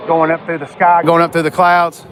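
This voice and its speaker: A man hosting a loose car-talk livestream, talking in a high, bright voice. He rambles and stays animated, reads out viewer comments, and bursts into shouting when a story gets him worked up. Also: fairly quick, a little hiss or hum. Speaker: livestream host reading chat.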